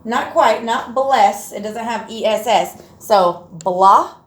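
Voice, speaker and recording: Encouraging woman teacher in echoey classroom. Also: medium pitch. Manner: encouraging, sounds words out slowly. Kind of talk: reading lesson with a student. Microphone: far camera. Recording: echoey room from far off.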